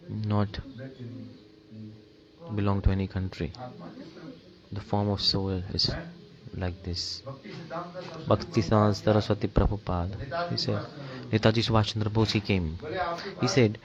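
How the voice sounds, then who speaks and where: In a muffled, lo-fi recording with a crowd in the background, an Indian-accented translator renders a spiritual lecture in a low, steady voice, restating things and questioning his audience rhetorically.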